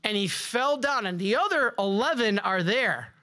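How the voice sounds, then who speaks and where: A man preaching as a Catholic priest, delivering a rousing sermon with emphatic rises on key words and quick asides to the congregation. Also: high voice, expressive, sharp tone.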